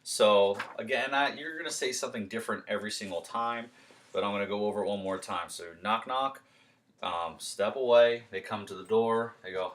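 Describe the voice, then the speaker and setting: A man's voice: on the low side, normal speed, a bit bright, distant mic. A man giving a casual, upbeat sales training talk, full of fillers and acted-out doorstep role-play. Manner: upbeat, friendly, lots of fillers.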